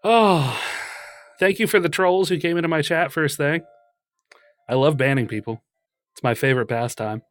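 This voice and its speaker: A man's voice: fairly high pitch, steady tone, brisk, no room sound, soft background music. Joking, crude man in casual chat. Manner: crude joking, laughs often. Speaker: podcast co-host and streamer.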